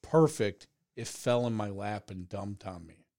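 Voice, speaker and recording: Host, male, lively pitch, swears a lot, casual storyteller. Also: measured pace. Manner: animated, swears freely, laughs often.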